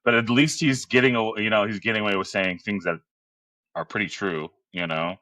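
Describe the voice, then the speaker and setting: A man's voice: lowish voice, steady tone, a little fast, sharp tone, dry recording. A man talking as a podcast guest who leads men's groups, earnest and loose, full of "you know" fillers. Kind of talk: casual interview chat.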